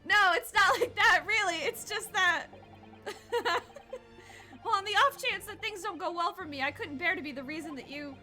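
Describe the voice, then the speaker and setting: A woman's voice: high voice, fast talker, few pauses, music in the background, voice pushed up, lightly acted. Woman voicing a flustered young defendant. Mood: nervous.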